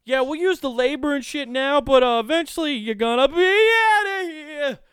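A man voicing a smug, scheming state official in a high, mocking caricature voice. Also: animated, normal speed, a bit bright, dry recording, clean studio sound.

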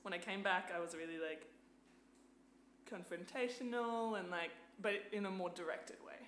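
A young Australian woman guesting on a podcast chats casually in a lowish voice at a normal speed, the sound roomy. She's animated, swears freely, and says "like" a lot.

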